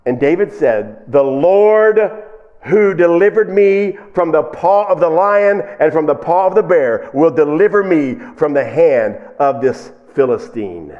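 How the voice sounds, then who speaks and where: A man preaching a sermon with a fairly high, lively voice that climbs and drops as he acts out the people in the story. He reads scripture and explains it to his congregation. The recording is muffled and lo-fi. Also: unhurried. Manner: animated preaching, acting out quoted speakers in raised voices. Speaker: pastor.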